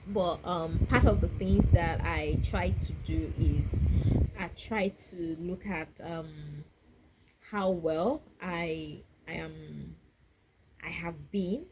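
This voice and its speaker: A woman talking to her viewers as a vlogger, soft-spoken and thoughtful, pausing and restarting as she reflects. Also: fairly low pitch, background noise. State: getting teary and emotional. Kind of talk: casual reflective talk to camera.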